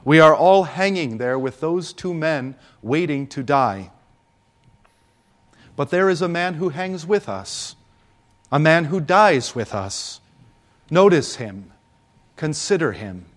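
A man preaching a Good Friday homily with solemn, deliberate delivery and dramatic pauses. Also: on the high side, animated.

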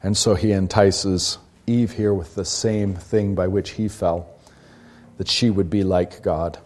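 A man's voice: low voice, steady tone, unhurried, a little mellow. A man leading a Bible study class, explaining scripture conversationally and asking rhetorical questions.

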